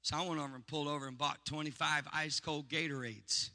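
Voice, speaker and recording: A man preaching a sermon, telling stories and calling for response, building to shouts. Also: on the high side, steady tone, fast talker, in a large hall. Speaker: pastor.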